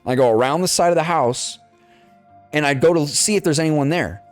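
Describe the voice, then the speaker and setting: A young man with a fairly high, brisk voice casually recounts a childhood story on a podcast where he's a co-host, with faint music behind him. He swears freely and animates the retelling by acting out the quoted dialogue.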